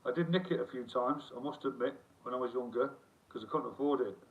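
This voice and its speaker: A man's voice: mid-range voice, a little fast. A middle-aged man, rambling and swearing freely as he chats and reads comments on a live stream. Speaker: livestream host. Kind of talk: casual live-stream chat. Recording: tinny phone-like sound, distant from the mic.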